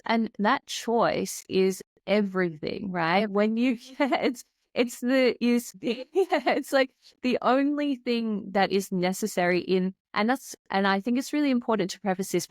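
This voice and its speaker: A woman's voice: medium pitch, moderate pace, a little mellow, no echo, clean studio sound. Reflective woman hosting a chat. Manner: reflective, flowing, with frequent "like" and "right?". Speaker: podcast host and anxiety coach. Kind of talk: casual conversational interview.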